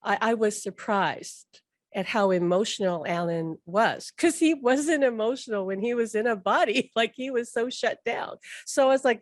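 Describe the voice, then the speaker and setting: A woman's voice: medium pitch, lively intonation, moderate pace, no echo, studio quality. A woman hosting a casual spoken talk, rambling and chatty, laughing often and peppering her speech with "like". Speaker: host.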